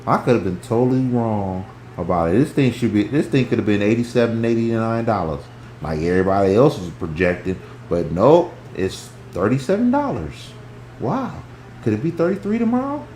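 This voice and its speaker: Animated, profane man in an echoey room. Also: fairly low pitch, moderate pace, a little hiss or hum. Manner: animated, profane, swings from loud to hushed. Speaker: stock talk show host. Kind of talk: heated casual stock chat.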